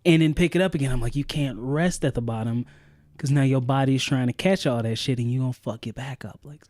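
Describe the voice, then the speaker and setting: A male podcast co-host chats loosely and swears freely, telling animated stories. His voice is dark and mellow. The recording is dry and close. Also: medium pitch, fairly quick, no echo. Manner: loose, profane, animated storytelling. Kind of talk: casual chat.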